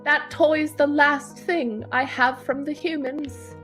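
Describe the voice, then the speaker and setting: Woman putting on a frightened little game critter, fake english accent, higher and louder than her own voice, hammy. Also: fairly even intonation, slow pace, faint music behind. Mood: pleading. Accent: attempted English accent slipping to Australian. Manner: theatrical, overacted reading of on-screen text. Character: scared young game character begging help.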